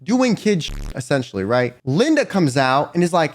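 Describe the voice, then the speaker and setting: A man tells a storytime vlog story in a high, very lively voice. His delivery is animated, loose and full of swearing. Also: fairly quick, hardly any pauses. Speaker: vlogger.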